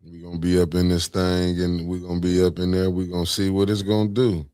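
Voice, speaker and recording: A man with a very low voice hosts a casual live stream, warmly greeting viewers by name as family and beloved. He keeps chatting while he sorts out sharing the stream. The recording is close and dry. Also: flat delivery, a little fast, smooth, no room sound.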